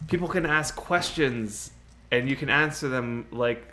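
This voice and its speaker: A man of middle pitch rambles casually through a game live stream, peppering his talk with "you know" and easy laughs. He answers his viewers' chat directly, and faint game ambience murmurs behind him. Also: unhurried, sharp tone, slight background noise. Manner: laughs often, with many fillers like "you know".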